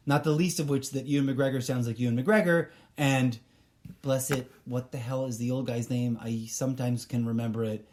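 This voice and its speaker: A man hosting a solo podcast, talking casually in a rambling, opinionated way with many fillers and restarts. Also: mid-range voice. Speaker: podcast host.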